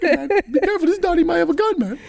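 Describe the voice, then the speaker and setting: Brief: man mimicking mocking London teen lads, squealed high and hollered, gravelly edge. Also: expressive, rapid-fire, heavily acted. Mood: jeering. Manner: loud jeering teasing. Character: mocking teenage London boys.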